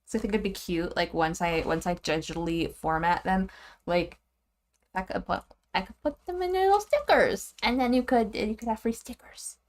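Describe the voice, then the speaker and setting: A young woman chatting casually and giggling as she draws, rambling and often trailing off quietly. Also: medium pitch, lively intonation, moderate pace. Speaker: streamer drawing goose characters. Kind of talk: casual chat while drawing.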